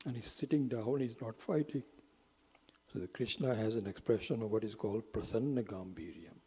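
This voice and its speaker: A man with a very husky, breathy voice tells a teaching story. His tone is dark and mellow, and he sits on the lower side. He often drops into whispered asides, and his voice trails in a long reverb. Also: normal speed. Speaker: spiritual teacher. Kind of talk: storytelling lecture.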